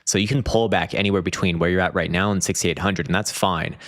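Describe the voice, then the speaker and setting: A man's voice: low voice, steady tone, fast talker, fairly bright tone. A man hosting a casual live stream, loosely talking through market charts, joking and swearing. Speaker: live stream host, crypto chart analyst.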